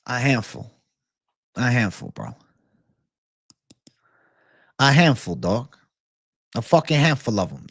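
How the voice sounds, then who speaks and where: A man's voice: medium pitch, no room sound, clean studio sound. Profane young man chatting on a livestream. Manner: profane, loose, repeats "bro" constantly; reads chat comments aloud and replies. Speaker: livestream host. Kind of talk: casual livestream chat with viewers.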